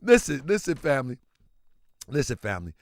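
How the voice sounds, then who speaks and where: A man's voice: mid-range voice, huge pitch swings, a little fast, no room sound, studio quality. A man hosting a livestream, talking casually and animatedly to his chat and repeating himself for emphasis. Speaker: livestream host.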